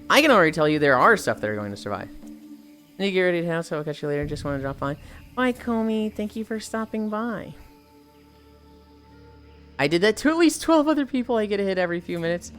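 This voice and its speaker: A woman talks to her stream at home, swearing freely and joking with viewers. Her voice sits low but swings widely in pitch. Faint music plays behind her. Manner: profane, joking, reads chat aloud. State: stretching, groaning with effort. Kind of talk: casual live-stream chat. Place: at home, indoors.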